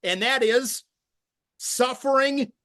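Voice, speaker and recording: A man hosting a podcast interview, asking long questions with enthusiasm and shifting between quick and drawn-out phrases. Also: very high-pitched, bright, forceful tone. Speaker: podcast host and wrestling broadcaster.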